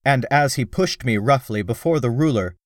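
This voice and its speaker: A man narrating an adventure story in the first person, in a measured, dramatic reading. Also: medium pitch, lively intonation, no echo, clean studio sound. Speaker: audiobook narrator.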